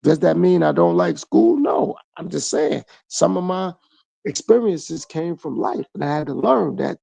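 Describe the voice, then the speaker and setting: Gravelly man musing in a solo podcast. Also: sits high, warm tone, no echo. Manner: repetitive, rhetorical questions. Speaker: podcast host. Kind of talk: reflective solo monologue.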